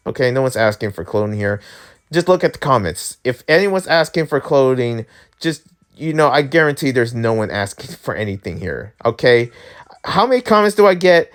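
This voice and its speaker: A rambling, lively-voiced young man vlogging. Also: medium pitch. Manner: rambling and candid, with frequent restarts and laughs; opinionated, blunt. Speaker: YouTube channel host. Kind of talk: casual news commentary.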